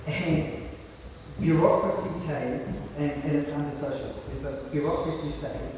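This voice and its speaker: A man in the audience asking an excitable question, laughing between points. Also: on the high side, measured pace. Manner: excitable, laughing asides, animated. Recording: distant, very echoey hall with ambient noise.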